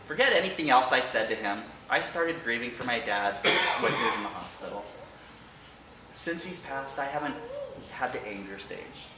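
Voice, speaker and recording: A man giving an emotional personal remembrance of his late father to a church congregation, halting at times but with wry humor. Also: medium pitch, lively intonation, distant mic, background noise. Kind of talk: personal storytelling speech. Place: large church hall. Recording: echoey hall, picked up from afar.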